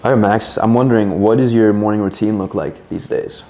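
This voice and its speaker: A man's voice: lowish voice, steady tone, brisk, dark tone, a little hiss or hum. A young man hosting a casual podcast, reflective and musing as he talks. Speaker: podcast host.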